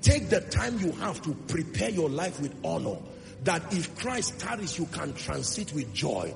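Male preacher, high voice, gravelly, emphatic sermon, long hall reverb, music behind. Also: sing-song, unhurried. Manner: emphatic, rhetorical questions, swings from loud declarations to soft asides. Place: church hall with congregation.

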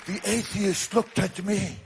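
A man preaching an evangelistic sermon, shouting at the high points and dropping low to tell stories. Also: steady tone, takes it slowly, a faint crowd, slight background noise. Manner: impassioned, shouting at climaxes, then dropping to quiet storytelling.

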